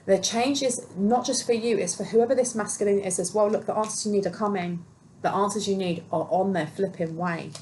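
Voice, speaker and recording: A woman at an ordinary pitch reads tarot cards for her viewers in a casual, rambling way. She fills her talk with "like" and restarts, and mutters to herself as she shuffles and places cards. A faint background hiss sits under her voice. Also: a little fast, darkish tone, low-quality recording. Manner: chatty, rambling, many fillers and restarts; talks to herself while handling cards. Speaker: tarot reader. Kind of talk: casual collective tarot reading.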